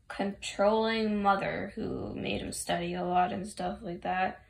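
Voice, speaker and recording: A woman casually recapping a story in a rambling, chatty way, full of asides. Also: mid-range voice. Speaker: fan recapping a game story. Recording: roomy echo.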